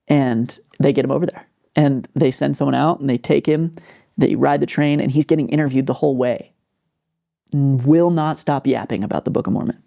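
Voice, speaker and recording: A man hosting a podcast, telling a story in a casual, animated way with lots of fillers. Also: medium pitch, brisk, gravelly. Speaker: podcast host.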